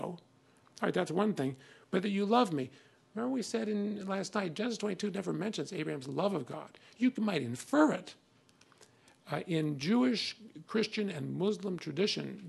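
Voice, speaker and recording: A man's voice: a little high, gravelly, slightly rough. A man giving a conversational classroom lecture on old texts, reading passages aloud with emphasis between many fillers.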